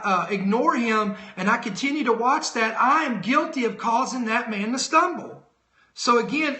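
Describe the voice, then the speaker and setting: A middle-aged man giving a live sermon-style talk as host, telling stories with lots of quoted dialogue and quick self-corrections. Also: very high voice, bright, forceful tone, roomy sound. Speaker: host of a Christian teaching stream.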